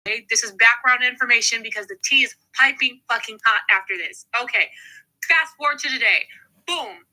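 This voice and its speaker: A woman's voice: a little high, a little fast, low-quality recording. A young woman telling a dating drama story to her viewers in a casual, chatty way, swearing freely and filling gaps with "like" and "um". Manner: animated, profane, chatty with many fillers. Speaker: storytime host.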